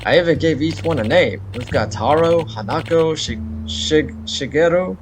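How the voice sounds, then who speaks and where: A man voicing a gentle, smiling male teacher who loves flowers, reading game dialogue in a soft, calm, cheerful way. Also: on the high side, normal speed, background noise, voice pushed up, lightly acted.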